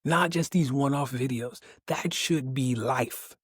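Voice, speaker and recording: A man chatting as a podcast guest, animated and quick to laugh as he tells stories. His voice sits at a middle pitch and leaps up when he gets excited. The sound is dry and close. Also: breathy edge, no room sound. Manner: animated storyteller who laughs often and jumps to high pitch. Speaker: podcast guest, resilience speaker. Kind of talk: casual interview chat.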